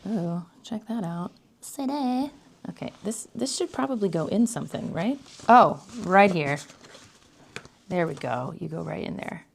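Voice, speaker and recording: A woman vlogger giving casual unboxing commentary, excitable, gasping and often slipping into whispers. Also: on the low side, a little slow, gravelly, slight background noise.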